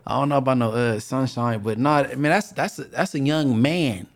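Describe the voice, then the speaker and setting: A man's voice: mid-range voice, brisk. A man co-hosting a podcast, chatting casually and jokingly with lots of filler phrases. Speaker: podcast co-host. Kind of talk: casual chat.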